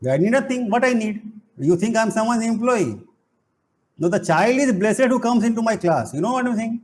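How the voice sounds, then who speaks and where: A middle-aged man, giving an animated spiritual talk full of playful, emphatic rhetorical questions. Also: high-pitched. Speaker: spiritual teacher and college head.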